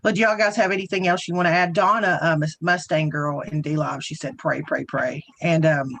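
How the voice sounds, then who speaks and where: A woman's voice: sits low, steady tone, fairly quick, a bit bright, no echo. Folksy Southern woman chatting on a livestream. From Southern United States. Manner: chatty, folksy, rambling with frequent restarts. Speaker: co-host. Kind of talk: casual livestream round-table chat.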